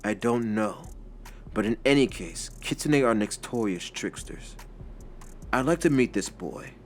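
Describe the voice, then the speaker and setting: A man voicing a kindly old uncle who is a wise general, speaking in a gentle, measured, drawn-out way. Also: on the low side, expressive, slight background noise.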